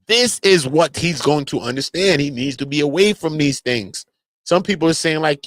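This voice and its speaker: A man giving casual online commentary, animated and slangy, often breaking into mocking impressions. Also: fairly high pitch, normal speed, no echo.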